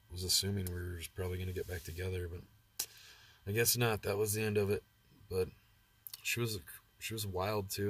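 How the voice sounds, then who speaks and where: Husky low-voiced American man rambling. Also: fairly bright tone. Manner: rambling, crude, laughs at his own stories. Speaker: vlogger. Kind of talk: casual livestream storytelling.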